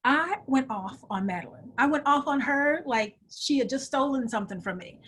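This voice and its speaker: A middle-aged woman telling her life story as an interview guest, animated and laughing often. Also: sits high, moderate pace, few pauses, slightly rough.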